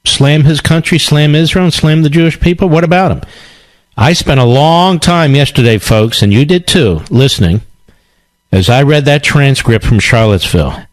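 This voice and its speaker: A man's voice: fairly high pitch, expressive, normal speed, dry recording, low-quality recording. A male radio talk show host delivering a combative, sarcastic political monologue with emphatic repetition.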